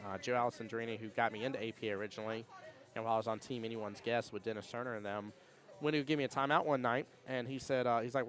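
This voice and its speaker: A man's voice: medium pitch, steady tone, a bit bright. A man hosting a pool tournament stream, chatting casually and reading viewer comments in a rambling, storytelling way. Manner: fast, rambling storyteller with restarts and laughs. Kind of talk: casual chat with live chat readouts.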